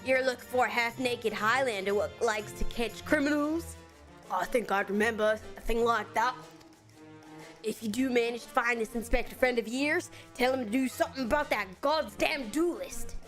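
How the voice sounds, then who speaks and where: A woman voicing a rough, gossipy working-class townsman in a video game, talking bluntly and coarsely. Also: on the high side, moderate pace, a bit bright, faint music behind, lightly acted. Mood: gruff.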